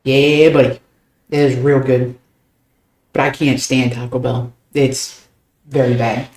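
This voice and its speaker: A young American man, chatting casually and fast with stream viewers, loose and a bit profane. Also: mid-range voice, level tone, a little mellow. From United States. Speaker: game streamer. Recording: roomy echo.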